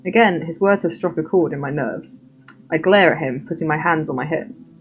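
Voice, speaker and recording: A woman's voice: low voice, moderate pace, faint music behind. A woman reading a story game aloud as narrator, with wry, playful asides of her own.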